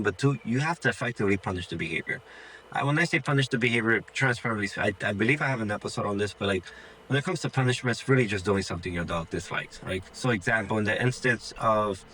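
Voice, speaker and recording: A dog trainer with a fairly low but bright voice talks quickly to camera over a rough recording with slight hiss or hum. He gives loose, chatty tips, saying "dude" and "like" a lot and often voicing what a dog would be thinking.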